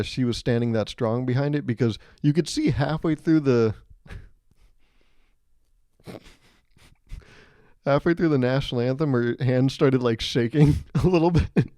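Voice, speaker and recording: A man hosting a solo comedy podcast, telling animated, self-mocking stories and laughing mid-sentence. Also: mid-range voice, dry recording. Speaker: podcast host.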